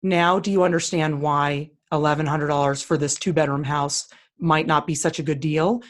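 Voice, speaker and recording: Speaking at a moderate pace, she has a low voice with fairly even intonation. As co-host of a casual screen-share talk, she goes over the listings shown on screen in a plain-spoken, blunt, opinionated manner.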